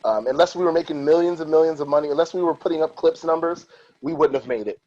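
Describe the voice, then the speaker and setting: A man with a somewhat high voice tells stories on his podcast in a candid, animated way and swears freely. The recording sounds dull and lo-fi. It is casual and unscripted. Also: quick pace. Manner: candid, profane, animated retelling. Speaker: podcast host.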